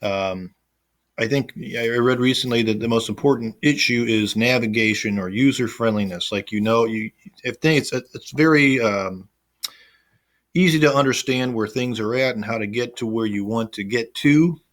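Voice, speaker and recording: Guy teaching an online class, mid-pitched voice, laid back, lots of uhs and restarts, recorded at his computer. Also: moderate pace. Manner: casual and conversational, with frequent fillers and restarts. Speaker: instructor. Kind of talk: recorded online lecture with screen share.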